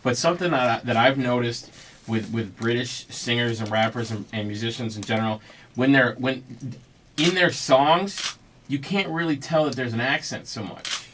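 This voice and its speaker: Man, radio host, bright forceful voice, upbeat, joking, studio, faint hiss. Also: medium pitch. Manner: upbeat, joking, quick questions. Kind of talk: casual radio interview.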